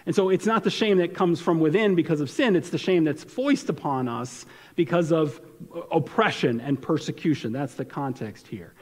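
Man, pastor, earnest sermon, slightly high voice, long church-hall reverb. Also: normal speed, a little mellow. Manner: earnest, emphatic preaching with frequent restarts.

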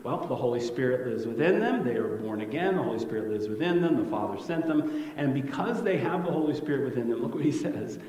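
A man's voice: mid-range voice, expressive, fast, mellow, reverberant, long reverb tail, poor audio. A male pastor preaching an expository sermon in a conversational way, often checking in with "right?".

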